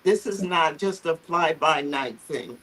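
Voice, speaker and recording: A woman's voice: low voice, expressive, measured pace, a bit bright, slightly rough, poor audio. A woman, founder of a photo therapy group, telling her personal story on a livestream video call in a heartfelt, emotional, earnest way.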